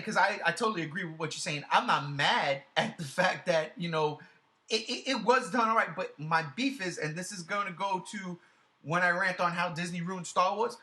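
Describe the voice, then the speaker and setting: A man's voice: high voice, sharp tone. A man reviewing a movie in casual chat, ranting animatedly and swearing freely.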